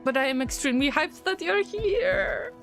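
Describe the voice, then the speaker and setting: A woman streaming a game, chatting casually with viewers, easily distracted and prone to sudden excited alarm. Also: high voice, moderate pace, faint music behind. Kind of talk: casual live-stream gameplay commentary.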